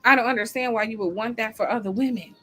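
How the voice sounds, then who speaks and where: A woman's voice: a little high, fast talker, a bit bright, breathy edge, faint music behind. A woman hosting a livestream talk show, ranting bluntly and heatedly with heavy swearing and answering the live chat. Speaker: host.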